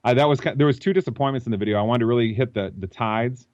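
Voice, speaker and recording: A man's voice: mid-range voice, very fast, a little mellow, no echo, dull audio. A man as an interview guest, thinking aloud and explaining at length over a computer call. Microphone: computer mic.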